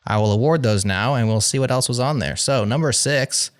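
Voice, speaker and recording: A man's voice: medium pitch, brisk. A man hosting a podcast game show, reading out survey results in a playful, wry way.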